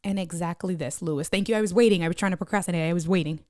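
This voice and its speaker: A woman chatting on her live stream, telling a lively story, laughing often and reading viewer comments aloud. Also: lowish voice, rapid-fire, dry recording, clean studio sound. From United States. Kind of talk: casual live-stream chat.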